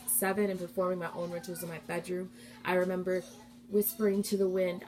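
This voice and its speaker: A woman's voice: on the low side, a little mellow, a little hiss or hum. Candid rambling woman live-streaming. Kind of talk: casual live-stream chat.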